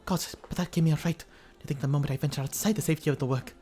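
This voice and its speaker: A man's voice: fairly high pitch, steady tone, rapid-fire, warm tone, natural voice. A man reading a polite tribeswoman's game lines aloud in a put-on accent, stumbling over some words. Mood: worried.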